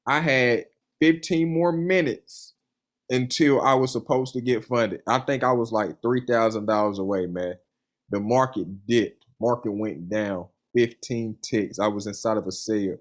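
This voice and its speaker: A man's voice: medium pitch, unhurried. A young man, a funded trader, talking casually and earnestly in an interview, with a loose storytelling manner full of "you know" and "man". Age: young adult. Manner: earnest and enthusiastic.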